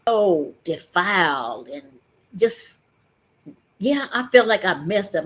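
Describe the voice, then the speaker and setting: A middle-aged vlogger tells a personal story with lots of energy, acting out the voices of the people involved. Her voice is mid-range and slightly rough, and she takes her time.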